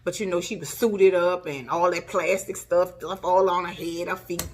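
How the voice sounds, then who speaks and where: A woman's voice: on the low side, fairly even intonation, moderate pace, a little hiss or hum. A middle-aged woman hosting her own channel, chatting emphatically and directly to her viewers in a casual vlog. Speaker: home decorating channel host.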